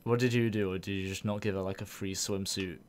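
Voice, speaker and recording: A man's voice: sits low, steady tone, fast talker. A young man co-hosting a podcast, teasing his friends, swearing and laughing in casual chat. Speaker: podcast co-host.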